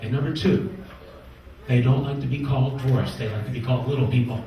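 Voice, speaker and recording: A man's voice: medium pitch, steady tone, fairly quick, dull audio, lightly acted. Male comic doing a prim lecturing wife, far from the mic in a roomy space. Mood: scolding. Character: stern humorless wife, lecturing. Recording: echoey room from far off.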